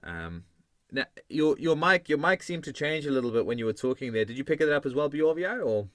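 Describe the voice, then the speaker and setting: A man's voice: fairly high pitch, animated, brisk, a bit bright, dry recording, clean studio sound. A man hosting a podcast, asking questions in an upbeat, encouraging way. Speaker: podcast host. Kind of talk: casual interview chat.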